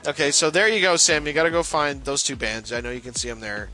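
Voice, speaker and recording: A man with a bright, somewhat high voice chatting loosely on a podcast. He rambles, restarts his sentences and laughs often, with faint music behind him. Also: fast talker, few pauses, rough recording. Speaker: podcast co-host. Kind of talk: casual chat, reading a listener's letter aloud.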